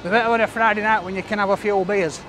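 Chatty high-voiced man outdoors. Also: fairly even intonation, racing, a bit bright, a little hiss or hum. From Leeds. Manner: chatty, cheery, jokey. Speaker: food reviewer vlogger. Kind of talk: casual chat to camera. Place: city side street outdoors.

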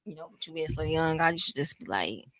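A woman's voice: deep voice, animated, quick pace, crowd noise. A young woman in casual chat, recalling a painful night rawly and swearing casually. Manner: raw emotional recollection with casual swearing.

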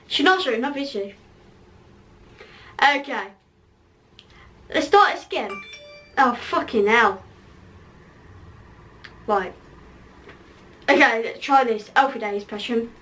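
High-voiced hesitant woman vlogger. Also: slow, pauses often, a bit bright, far from the mic. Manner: hesitant, apologetic, self-critical. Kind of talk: casual vlog.

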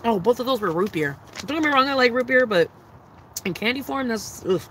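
Young woman, livestream chat, cussing and giggling, very lively pitch, bright edgy tone. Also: brisk, a little hiss or hum, poor audio. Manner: profane, giggly, blunt and chatty.

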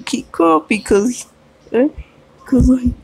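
A woman's voice: high-pitched, slow pace, gravelly, a little mellow, a little hiss or hum, low-quality recording. A young woman vlogging alone, rambling and giggly as she reads phrases aloud. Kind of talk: casual solo chat.

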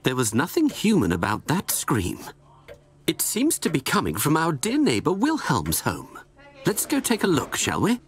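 A woman's voice: deep voice, huge pitch swings, moderate pace. A woman voicing Sherlock Holmes, a confident male detective with a lofty, theatrical manner in a video game. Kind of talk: game voice acting. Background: game music.

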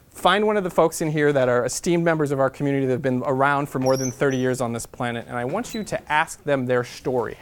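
A man in his thirties from Nebraska, telling a lively travel story as a guest speaker to a class, repeating a refrain and acting out the voices he quotes. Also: mid-range voice. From Nebraska, USA. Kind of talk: storytelling lecture to students.

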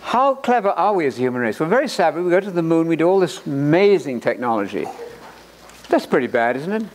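Brief: a male Bible college lecturer preaching at a conference, with a slightly raised pitch and an animated, joking manner. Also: fast talker. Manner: animated and joking, repeats words for emphasis, quotes authors aloud. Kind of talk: lecture-style sermon.

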